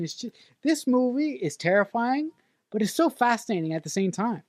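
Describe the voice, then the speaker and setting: Excitable, swearing woman podcast co-host. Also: on the high side, moderate pace, no room sound, studio quality. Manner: excitable, swears freely, stumbles and restarts. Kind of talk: casual film-review chat.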